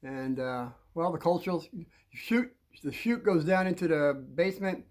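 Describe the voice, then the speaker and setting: A man's voice: a little high, animated, unhurried, darkish tone, slight background noise. An older man from New Jersey, telling kids a rambling personal story with folksy, chuckling asides.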